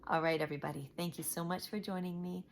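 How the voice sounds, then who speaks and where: A woman reading a picture book aloud to young children, as a teacher would, with an expressive storytelling manner. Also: on the low side, quick pace, gravelly, a little hiss or hum.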